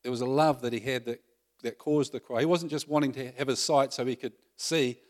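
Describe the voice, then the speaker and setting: A man's voice: mid-range voice, fairly even intonation, a little fast. Male preacher, conversational sermon, asks the room questions, mid-range voice.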